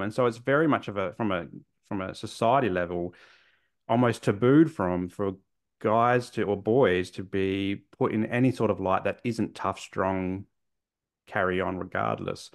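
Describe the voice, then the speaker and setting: A man's voice: on the low side, normal speed, creaky. A middle-aged man speaking earnestly as a guest in an interview, thinking aloud with frequent restarts. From Australia. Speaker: guest, men's mental health therapist. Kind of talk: reflective interview conversation.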